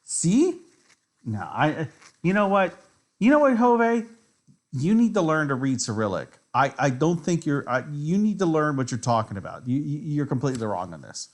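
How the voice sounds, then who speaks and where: A man's voice: medium pitch, very animated, a little fast. A man streaming his chess games, tipsy from drinks, rambling and trash-talking with plenty of swearing and self-mockery. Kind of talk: casual live-stream commentary.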